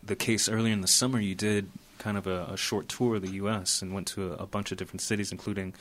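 Hesitant American man interviewing, low voice. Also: level tone, quick pace, a bit bright. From Atlanta, US. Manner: thoughtful, hesitant, repeats words. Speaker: interviewer host.

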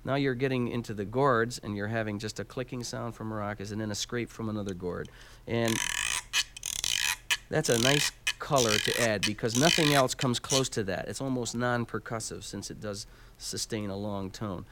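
A man with a lowish voice teaches Latin percussion at a moderate pace, walking through each instrument step by step and counting the beats aloud. It's an instructional demonstration recorded over loud background noise.

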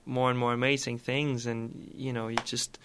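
A man's voice: medium pitch, flat delivery, moderate pace, fairly bright tone, slight background noise. A man from Denmark, a musician guest talking casually in an interview and rambling through lots of fillers. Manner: rambling, filler-heavy, laughs easily.

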